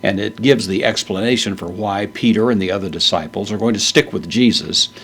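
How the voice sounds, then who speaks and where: A man giving a measured, verse-by-verse Bible lesson, explaining the Greek words with frequent pauses. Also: on the low side, a bit bright. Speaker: Bible teacher.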